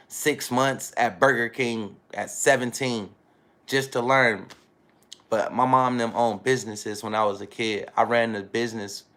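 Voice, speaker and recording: A man's voice: medium pitch, a bit bright. Man rambling in an emphatic vlog monologue. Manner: rambling, emphatic, repeats phrases. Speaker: vlogger. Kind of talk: casual self-filmed monologue.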